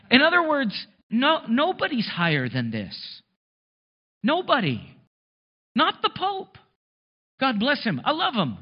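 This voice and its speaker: Pastor, man, husky and lively, conversational sermon with sarcastic asides, muffled recording. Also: high voice. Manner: conversational preaching with sarcastic asides and rhetorical questions.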